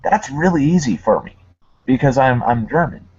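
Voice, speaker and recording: A man's voice: mid-range voice, big pitch swings, moderate pace, darkish tone, breathy edge, no room sound, dull audio. A man in a casual chat, telling stories and laughing at himself. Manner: laughing, self-mocking storyteller.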